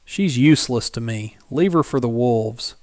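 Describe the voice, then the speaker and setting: A man's voice: medium pitch, lively intonation, normal speed, a little mellow, dry recording, natural voice. Man doing a cruel grimy drifter, sneering and growling, dry read. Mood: contemptuous.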